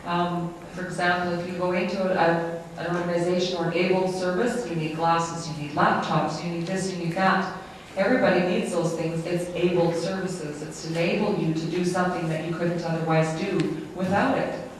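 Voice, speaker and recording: Echoey, distant voice of an interpreter. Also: mid-range voice. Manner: halting, self-correcting delivery. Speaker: sign language interpreter. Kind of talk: live spoken interpretation of a lecture. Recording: very echoey room, distant mic, faint noise.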